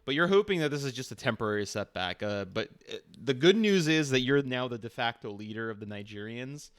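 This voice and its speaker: A man streaming and acting as game master, narrating casually with halting, amused delivery and frequent fillers. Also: mid-range voice, expressive, fairly bright tone.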